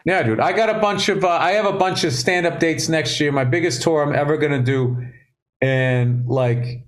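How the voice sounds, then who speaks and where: A man co-hosting a casual comedy podcast, profane and rambling, with sudden excited bursts. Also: fairly high pitch, normal speed. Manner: profane, ranting, rambling asides; loose and jokey, with bursts of excited speech. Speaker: comedian co-host.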